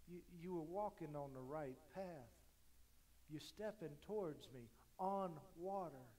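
A man preaching a sermon as pastor, rising to loud emphatic lines and dropping to quiet asides, often repeating words as he restarts a phrase. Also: fairly high pitch, moderate pace.

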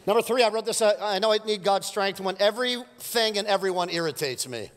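A middle-aged man preaching a sermon as pastor, animated and joking with the congregation. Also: high voice, fairly quick. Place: church sanctuary. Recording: live church sermon with long reverb.

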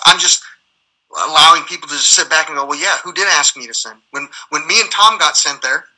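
A man's voice: a little high, sharp tone, slightly rough, low-quality recording. A man, a military veteran, telling rambling stories as a guest in conversation, swearing and acting out the dialogue as he goes. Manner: profane, heated, acts out dialogue.

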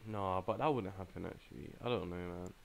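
Exasperated young gamer. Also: male voice, low-pitched, brisk, gravelly, slight background noise. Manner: exasperated, excitable running reactions with slang. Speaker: gaming channel host. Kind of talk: mobile game commentary.

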